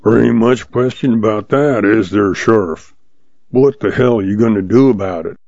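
A man reading a scornful, drawling cowhand in a western audiobook, with a gravelly voice. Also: lowish voice, normal speed, darkish tone, no echo, muffled recording, close to an everyday voice. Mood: sneering. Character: surly sneering male cowhand, middle-aged.

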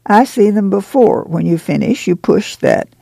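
A man reading an audiobook, voicing a weary, practical farm mother with a rural drawl and brisk commands. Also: high-pitched, animated, creaky, mellow, no room sound, voice pushed up. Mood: amused.

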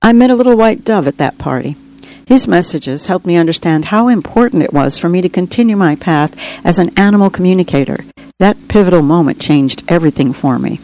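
Author reading their own memoir aloud, earnest and steady, plain storytelling. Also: mid-range voice, brisk, low-quality recording.

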